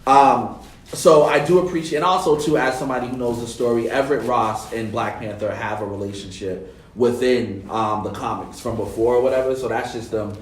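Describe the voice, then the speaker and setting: A man's voice: medium pitch, a little fast, far from the mic. A young adult man hosting a casual panel chat, telling stories with lots of fillers and acting out quotes. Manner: relaxed storytelling, many fillers, acts out quotes. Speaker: podcast host. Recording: roomy echo, voice heard from off the mic.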